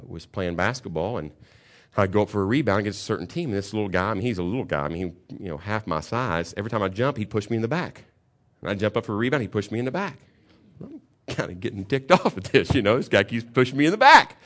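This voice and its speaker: Delivering a sermon with a story, a middle-aged pastor moves between calm teaching and loud outbursts in a low-pitched voice.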